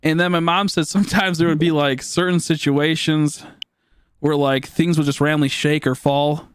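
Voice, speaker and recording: A man's voice: a little high, steady tone, moderate pace, smooth, no echo. A man in his late twenties, a streamer telling a story in a casual, rambling way with lots of filler words. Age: late 20s. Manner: rambling, full of "like" fillers and restarts.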